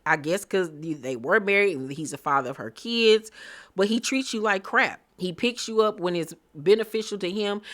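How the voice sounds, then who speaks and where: Woman, low-ish voice, sassy casual TV recapper, blunt opinions. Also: fairly bright tone. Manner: sassy, blunt, quotes cast members mid-story. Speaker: recap vlogger.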